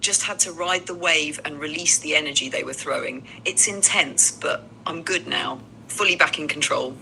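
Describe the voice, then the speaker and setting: A woman's voice: deep voice, normal speed, vocal fry, pushed and bright, slight background noise, poor audio. A synthetic woman's voice, an AI assistant, speaking in conversational replies and addressing the host by name. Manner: profane, talks straight to the host by name.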